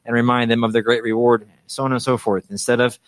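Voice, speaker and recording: A man's voice: medium pitch, little pitch movement, fast, no echo. A man giving a religious lesson on manners, often repeating a phrase to stress it and restarting his sentences. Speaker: Islamic teacher.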